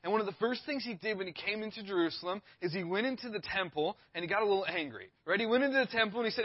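A man in his thirties, a youth pastor, preaching a sermon with a relaxed storytelling manner. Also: high-pitched, very fast, few pauses, slightly rough, dry recording, dull audio. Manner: laid-back, storytelling, acts out quoted voices.

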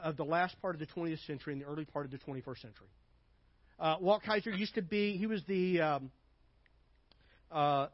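An older male pastor preaching with a high voice, driving hard on repeated phrases and then falling into soft, chatty asides. The sound is dry and a bit dull. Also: no room sound. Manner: emphatic preaching, builds to loud repeated phrases, drops to asides. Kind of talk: sermon.

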